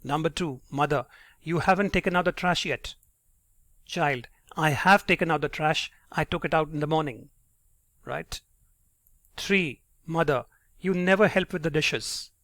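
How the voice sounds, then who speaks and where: A man's voice: fairly high pitch, unhurried, pauses often, fairly bright tone, no echo. A man giving an online grammar lesson, explaining patiently and often checking in with "right?". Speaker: English teacher.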